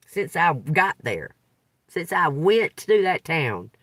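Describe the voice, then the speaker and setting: A woman's voice: deep voice, very animated, slow pace, a bit bright, dry recording. Agitated woman, profane rant. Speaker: tarot reader. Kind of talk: unscripted venting vlog. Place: in a car. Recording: dry, a little far from the mic.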